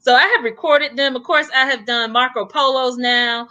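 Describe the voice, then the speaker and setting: A woman co-hosting a podcast in casual, animated conversation. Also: sits high, normal speed. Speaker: podcast co-host. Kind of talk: casual chat.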